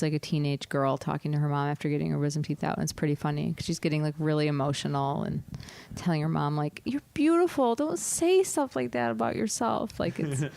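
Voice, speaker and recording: A woman's voice: deep voice, creaky, a little mellow, slight background noise. A woman chatting casually on a podcast in a dry, playful way. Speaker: podcast guest. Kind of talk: casual chat.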